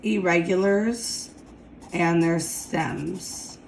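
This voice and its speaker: Writing as she goes, a woman walks through Spanish grammar one step at a time, her lowish voice steady. Slow and deliberate, she keeps asking "okay?" to make sure students follow. The sound is roomy with a little hiss or hum.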